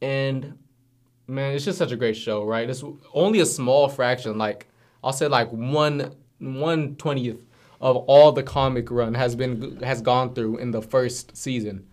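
A man's voice: medium pitch, unhurried. A man co-hosting a laid-back podcast, recounting episode plots with lots of slang and "you know"s. His voice sits in an ordinary middle register. He talks like he's telling a friend a story. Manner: animated storyteller, heavy slang and fillers. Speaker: podcast co-host. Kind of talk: casual chat, retelling cartoon plots.

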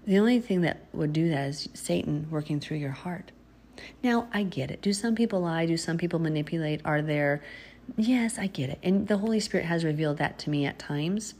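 A middle-aged woman giving informal religious teaching, earnest and exhorting, sometimes dropping to a breathy whisper for emphasis. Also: low voice, fairly quick, a little mellow. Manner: earnest, exhorting, with laughs and asides. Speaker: preacher.

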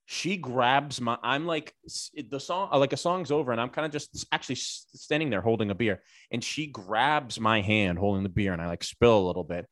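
With a mid-range voice and no echo in the recording, a man spins a profane, funny story for a podcast in a casual, animated way, voicing the characters he quotes.

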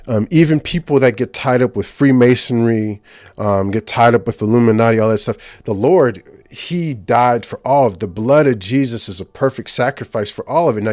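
A man preaching informally about deliverance prayer. He gets excited, speaks in quick bursts and keeps checking in with "right?". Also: mid-range voice, dry recording. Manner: excitable, rapid bursts, frequent "right?" tag questions. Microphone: handheld or stand mic, speaking to a live group.

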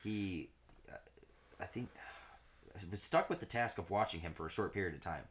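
A man with a somewhat low voice tells a crude story to his friends in casual chat. He is animated and swears freely, and he often laughs through the punchlines. Faint noise sits under the voice. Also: normal speed.

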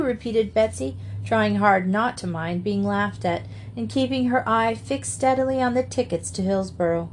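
A woman narrating a classic children's novel in a steady, measured reading voice. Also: a little high, a little hiss or hum. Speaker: audiobook narrator. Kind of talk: storybook narration.

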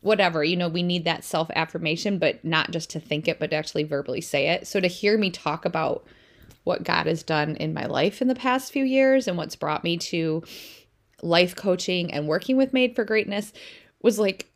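Woman co-host in her thirties, casual, animated storyteller for a faith podcast. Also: on the low side, moderate pace. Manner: chatty storyteller, warm and animated.

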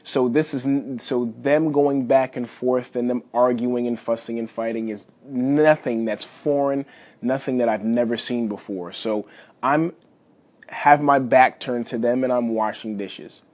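Husky-voiced father telling a story. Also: medium pitch, measured pace. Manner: folksy, animated storytelling, addresses listeners as y'all. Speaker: podcast host. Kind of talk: casual storytelling monologue.

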